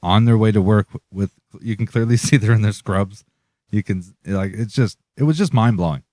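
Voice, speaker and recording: A man with a low-pitched voice tells a rambling story on a podcast, swearing freely and laughing along the way. The sound is very dry and close, with no room around it. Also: fairly quick, a little mellow, dry recording. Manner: loose, profane storytelling with laughs. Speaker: podcast co-host. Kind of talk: casual chat.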